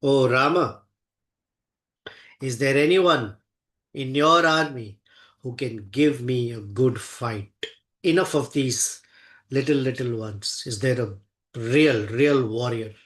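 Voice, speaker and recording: A boastful young demon warrior, as a man telling the epic puts him on sneers at his rival. The voice is mid-pitched and the words come slowly, with mockery and open contempt. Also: a bit bright. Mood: mocking. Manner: taunting, mocking.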